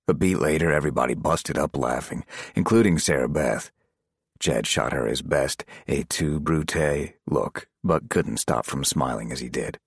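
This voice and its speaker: A man reading a thriller audiobook as narrator, husky and expressive. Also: very deep voice, moderate pace, dry recording, studio quality. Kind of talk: scripted narration.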